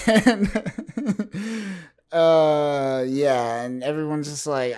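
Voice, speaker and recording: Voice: medium pitch, extremely slow, a little mellow, clean tone. A co-host in a casual comic book chat, recapping the story with lots of fillers and quoting the characters. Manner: laid-back, lots of fillers, quotes characters.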